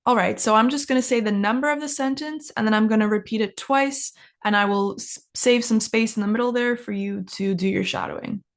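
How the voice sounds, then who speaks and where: A woman with a fairly high voice leads an English lesson built around shadowing practice. She speaks clearly and carefully, stretching her intonation up and down so every rise and fall is easy to imitate. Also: brisk, hardly any pauses. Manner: clear, careful enunciation with marked rising and falling intonation. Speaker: English teacher.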